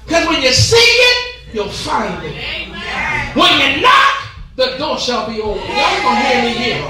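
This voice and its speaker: A man's voice: very high-pitched, very animated, a little slow. A man preaching a Pentecostal sermon, chanting with rhythmic gasped "huh"s between phrases and stretching out key words in call-and-response with the congregation. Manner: shouting and drawing out key words. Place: church sanctuary. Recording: echoey church from far off.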